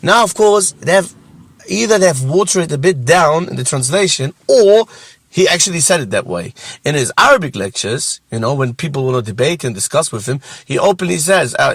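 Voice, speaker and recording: A man's voice: a little high, sing-song, brisk, breathy edge, no echo. A man hosting a religious reaction show, giving scornful commentary and laughing mockingly between remarks.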